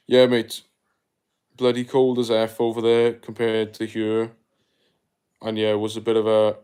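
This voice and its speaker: A man's voice: medium pitch, clean tone. A young man from South Wales with a South Welsh accent, chatting casually on a live stream, reading out viewer comments and answering them with slang. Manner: relaxed, chatty, uses slang like mate and my guy. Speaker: livestreamer.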